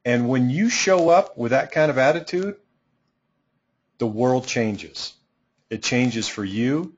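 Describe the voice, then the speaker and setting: A man's voice: mid-range voice, lively intonation, moderate pace, breathy edge. Direct, emphatic man teaching coaches. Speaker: coaching instructor. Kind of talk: training seminar talk. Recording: dull lo-fi sound.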